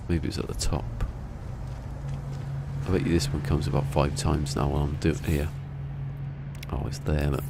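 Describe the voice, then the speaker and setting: A man's voice: rumbling low, gravelly, noisy background. A man chatting casually while streaming a game, rambling through anecdotes with chuckles between them. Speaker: gaming streamer. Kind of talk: casual live-stream chat. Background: game music.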